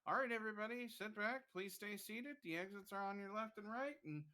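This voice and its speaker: A man's voice: sits high, brisk, bright, forceful tone, pitched above the performer's own voice. A man imitating a cheerful woman ride attendant reading a safety spiel in a singsong tone. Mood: chirpy.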